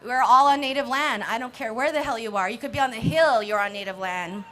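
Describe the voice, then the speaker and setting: A woman from the Navajo Nation giving an impassioned speech at an outdoor protest rally, at times shouting. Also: on the high side, fairly quick, slight background noise. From Navajo Nation, US Southwest. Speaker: rally speaker.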